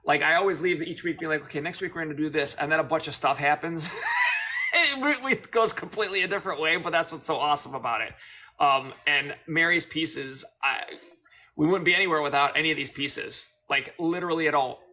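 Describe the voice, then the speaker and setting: A man hosts a casual online chat with a bright, forceful edge to his voice. He sounds enthusiastic and rambles, often restarting his sentences. His voice sits a little high for a man. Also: a little fast. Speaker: host.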